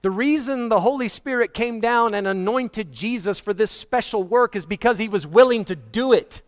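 A man preacher delivering a sermon, telling personal stories in a lively way and acting out the voices of the people in them. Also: high-pitched, moderate pace. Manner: animated storyteller, acting out quoted voices.

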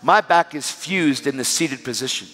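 A man's voice: mid-range voice, normal speed, fairly bright tone, lightly acted. A man voicing a stubborn, bitter older woman in a scooter who speaks bluntly. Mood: defiant. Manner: blunt, defiant. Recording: reverberant hall with music.

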